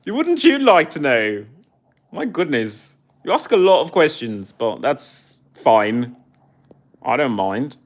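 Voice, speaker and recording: Speaking slowly in a sing-song, medium-pitched voice, a livestreamer answers chat comments with snark and haughtiness. He is an Englishman in his forties.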